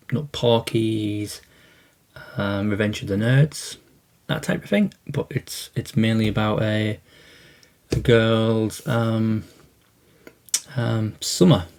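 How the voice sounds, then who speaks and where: Man, gravelly, mellow tone, casual unboxing vlog host, rambling with lots of fillers. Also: fairly low pitch. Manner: rambling, hesitant, many fillers and restarts.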